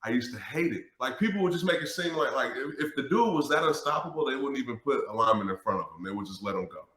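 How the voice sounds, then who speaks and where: Man, ex-lineman guest; bright, forceful storyteller, profane, roomy echo. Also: medium pitch, quick pace. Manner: animated, swears freely, laughs while telling stories. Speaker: guest, former pro football lineman. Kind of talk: casual interview storytelling.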